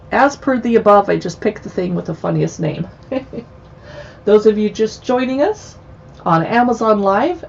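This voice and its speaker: A woman's voice: medium pitch, darkish tone, highs cut off. A woman hosting a casual livestream chat, chatty and playful with joking asides. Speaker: livestream host.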